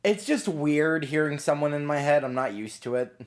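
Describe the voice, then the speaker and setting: A young man playing a tabletop game, joking and animated in casual chat. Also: a little high, moderate pace. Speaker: player.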